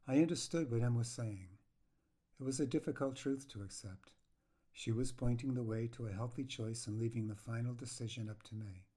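A man's voice: fairly low pitch, steady tone, moderate pace, warm tone. A man hosting a podcast, reading his personal story of grief in a reflective, earnest way. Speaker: podcast host.

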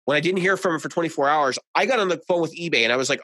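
A man co-hosting a podcast, telling stories in a casual, animated way, laughing and swearing as he goes. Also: on the high side, racing, few pauses, dry recording. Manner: animated storyteller, swears freely, laughs often. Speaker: podcast co-host. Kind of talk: casual chat.

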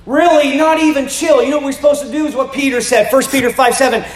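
A man in his fifties preaching a sermon as a pastor, animated, with joking asides and rising to emphatic shouts. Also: very high voice, fast. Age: 50s. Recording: roomy echo.

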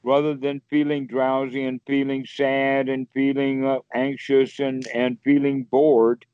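A man's voice: flat delivery, unhurried, clear, resonant tone, no room sound, dull audio. A man teaching Buddhist practice in casual talk, playfully acting out inner voices. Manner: playful, acts out inner voices with sudden high exclamations. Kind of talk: casual spoken teaching on a call.

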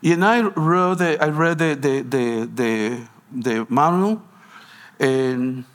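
A man's voice: medium pitch, slow, fairly bright tone. A man from Guatemala, a pastor preaching a sermon in a storytelling way, with broken phrasing and frequent restarts.

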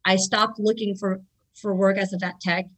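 A woman's voice: mid-range voice, little pitch movement, normal speed, fairly bright tone, low-quality recording. A woman in her thirties telling stories in a casual interview, chatty and full of fillers. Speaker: interview guest, jiu-jitsu competitor. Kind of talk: casual storytelling.

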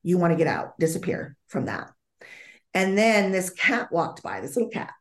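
A woman's voice: fairly low pitch, very animated, normal speed, roomy sound. A woman being interviewed as a psychic medium, telling a story vividly, acting out the dialogue and often restarting her sentences.

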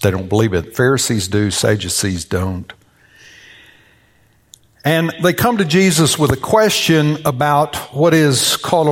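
An older male pastor delivers a sermon to his congregation in a church. His telling is homespun and humorous, full of little asides and jokes. When he quotes people, he slips into high, playful voices before settling back into an easy, mid-pitched delivery. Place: church sanctuary.

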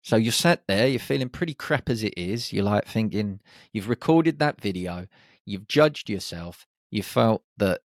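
A man hosts his own podcast in a low, gravelly voice. He talks with animated energy and drops into little acted voices for the doubts people tell themselves. The sound is dry and close, with no room around it. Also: no echo. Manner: animated, acts out inner self-talk in quick little voices. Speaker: podcast host. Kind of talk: solo podcast talk.

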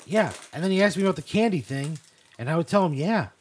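A man's voice: on the high side, animated, fast, slight background noise. A man protesting and swearing in exasperation during improvised comedy banter. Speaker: podcast co-host.

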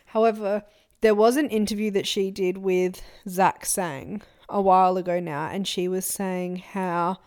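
Clear and resonant, her medium-pitched voice moves at a measured pace as she co-hosts a podcast. The young woman chats casually and animatedly about influencer drama, quoting others in put-on voices.

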